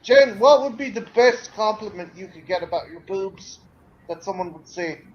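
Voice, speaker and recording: A man's voice: high voice, animated, moderate pace, lo-fi sound, slight background noise. A man with an Irish accent, co-hosting a casual watch-along chat full of crude, teasing banter. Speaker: podcast co-host.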